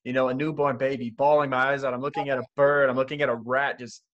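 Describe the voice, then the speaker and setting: A man's voice: medium pitch, level tone, quick pace, lo-fi sound. A man co-hosting a spiritual podcast, talking in an earnest, emotional, rambling way with many restarts. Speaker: podcast co-host. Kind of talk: casual spiritual podcast chat.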